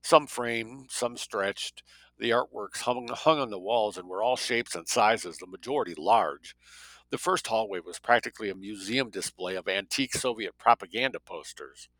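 Man narrating with a sharp, low voice. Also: normal speed, no room sound, poor audio. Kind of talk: audiobook narration.

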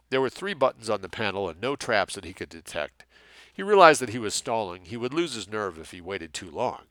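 A man narrating a thriller novel with a lot of lift and fall in his voice. His low voice has a bright edge. The recording is close and dry. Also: no room sound. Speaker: audiobook narrator. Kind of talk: scripted narration.

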